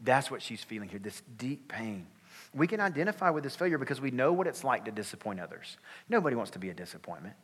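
A man's voice: mid-range voice, very animated, fast talker, a bit bright, slightly rough, big-room sound. A male pastor giving a sermon in an earnest, conversational way, with casual filler words.

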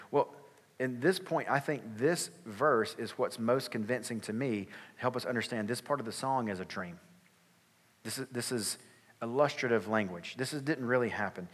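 A man's voice: medium pitch, fairly bright tone, big-room sound. A male pastor giving a sermon in an earnest, conversational way, with casual filler words.

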